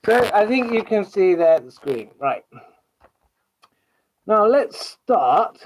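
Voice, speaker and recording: A man talks through his show on his own, relaxed and rambling, musing aloud between points. His delivery is plain and conversational, without performance. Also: high-pitched, slow pace, pauses often, a little hiss or hum, low-quality recording. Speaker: host. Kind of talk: casual solo commentary stream.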